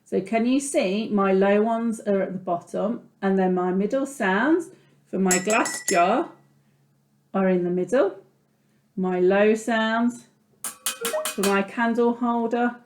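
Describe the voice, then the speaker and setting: A woman's voice: medium pitch, a little hiss or hum. A woman music teacher guiding children patiently through an online lesson, talking them through her drawing as she goes. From England. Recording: echoey room.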